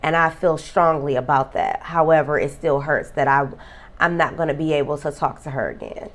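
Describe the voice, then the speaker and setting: Low-voiced woman vlogging about grief. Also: normal speed. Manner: emotional, tearful; reflective, earnest. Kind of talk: personal vlog talk.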